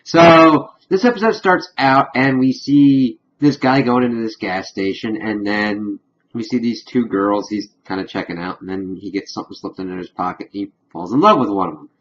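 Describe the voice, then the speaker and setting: A man recapping a TV episode in a casual review vlog, chatty and slipping into quick acted-out asides. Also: on the low side, slight background noise. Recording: dull lo-fi recording.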